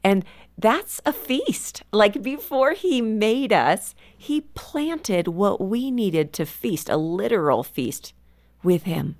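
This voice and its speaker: A woman author as a guest on a faith interview show, telling stories in an earnest, reflective way and slowing down for emphasis. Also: mid-range voice, expressive. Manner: earnest, storytelling, slows down for emphasis. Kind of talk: conversational radio interview.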